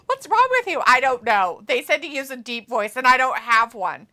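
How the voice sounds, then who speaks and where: A woman with a nasal, cackly voice chats casually on a live stream. Her pitch sits on the high side and swings widely. Her tone is bright, and she teases and swears freely. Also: sing-song, moderate pace. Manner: laughs often, swears casually, teasing. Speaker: live-stream co-host reading chat. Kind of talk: casual watch-along chat.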